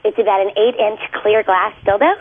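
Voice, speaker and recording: A young woman chats as a radio guest, trading jokes in a deadpan, playful way. Her voice sits in a middle pitch. It comes through a dull, lo-fi line. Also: fairly quick, no room sound. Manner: playful and deadpan, teasing back. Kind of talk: casual radio banter.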